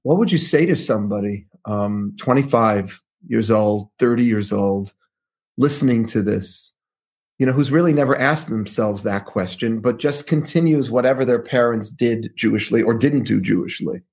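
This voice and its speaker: A rabbi hosts a podcast interview. His voice is husky, and he asks casual, halting questions full of fillers. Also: fairly low pitch, darkish tone.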